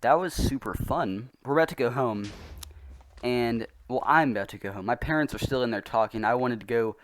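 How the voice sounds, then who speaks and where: A man's voice: medium pitch, brisk, slight background noise. A young man telling a story in a casual, rambling, self-mocking way, often laughing as he goes. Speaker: vlogger.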